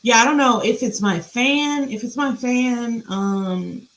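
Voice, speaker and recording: A woman's voice: on the high side, takes it slowly, fairly bright tone, rough recording. A woman hosting a podcast from a room at her home computer, reading emails aloud and commenting on them in a blunt, profane, casual way.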